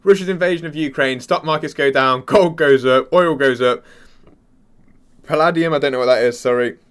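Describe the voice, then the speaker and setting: Young male vlogger, raised pitch, passionate off-the-cuff rant, trips over words. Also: moderate pace, clear, resonant tone. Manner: rambling, restarts sentences, searches for words. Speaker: crypto channel host. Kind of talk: casual excited commentary to camera.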